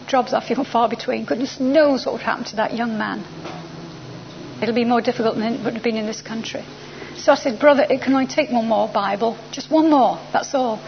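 A woman's voice: on the high side, creaky. A woman telling a personal story from her travels and acting out the other people's lines. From England. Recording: dull lo-fi recording with faint hum.

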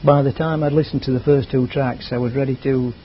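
A man's voice: medium pitch, fairly even intonation, brisk, slight background noise. A man preaching a sermon in a chatty, conversational way, drifting into asides. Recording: dull lo-fi recording.

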